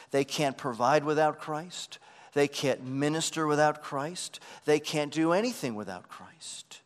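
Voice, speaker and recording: A man's voice: fairly high pitch, long reverb tail. A man preaching a sermon as pastor, earnest and emphatic, often repeating words as he starts a phrase.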